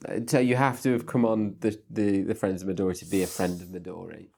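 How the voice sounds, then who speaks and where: A man speaks as a guest on an interview show, his voice sitting fairly low. He talks in a loose, hesitant way, full of fillers and restarts, and often pokes fun at himself. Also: level tone, fast talker, creaky, darkish tone. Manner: hesitant, self-deprecating, many fillers and restarts. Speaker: guest, film director. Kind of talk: casual interview chat.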